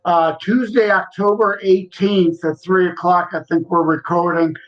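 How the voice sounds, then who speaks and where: A man's voice: high voice, steady tone, measured pace, muffled recording. A man chatting easily on a podcast, drifting from one small aside to the next. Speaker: podcast guest. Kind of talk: casual chat.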